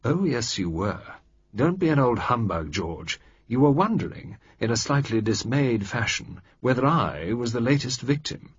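A man's voice: mid-range voice, very animated, husky, no echo. A man voicing a shrewd, composed older male government minister in a story reading, speaking with careful deliberation. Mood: amused. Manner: deliberate, measured. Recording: dry, slightly dull recording.

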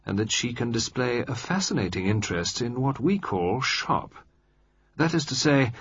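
A man's voice: medium pitch, husky, dry recording, voice pushed up. A man voicing a shrewd, composed older male government minister in a story reading, speaking with careful deliberation. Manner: deliberate, measured. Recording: dry, slightly dull recording.

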